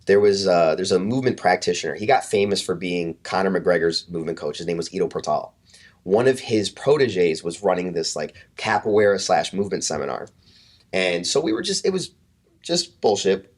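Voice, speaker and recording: A man's voice: sits low, brisk. A man in his thirties, a podcast guest, telling casual stories with lots of swearing and acted-out quotes. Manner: animated, swears often, acts out quotes. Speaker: podcast guest, fitness coach. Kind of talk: casual storytelling.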